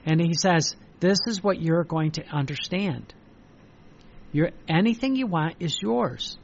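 Fervent high-voiced male preacher. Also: lively intonation, measured pace, vocal fry, muffled recording. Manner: fervent, repetitive, reads quoted passages aloud. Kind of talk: devotional sermon.

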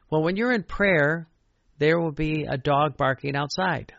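A man's voice: fairly high pitch, measured pace, gravelly, a bit bright, no echo, highs cut off. An older man, a priest, preaching a sermon in an anecdotal, conversational way and chanting repeated lines of prayer.

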